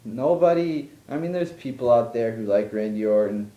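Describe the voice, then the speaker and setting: A man's voice: medium pitch, expressive, normal speed, echoey room, dull audio, slight background noise. A man delivering an exasperated, profane, rambling rant as a wrestling commentary vlogger, stumbling over restarts. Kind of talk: ranting monologue.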